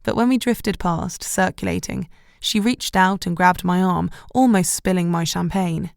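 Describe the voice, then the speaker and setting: A woman's voice: fairly low pitch, a little slow, creaky, dry recording, clean studio sound. A woman narrating a romantic novel in the first person as an audiobook.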